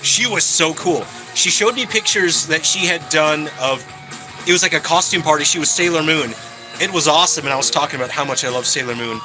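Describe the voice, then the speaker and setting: A man's voice: on the high side, a little fast, over music, rough recording. A man chatting casually and cheerfully on a live stream, answering his viewers as he goes. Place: hangout spot in California.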